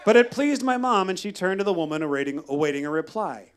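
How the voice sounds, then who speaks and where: A man telling a wry, deadpan personal story at a live storytelling show. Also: high voice, quick pace, smooth, a faint crowd. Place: live venue.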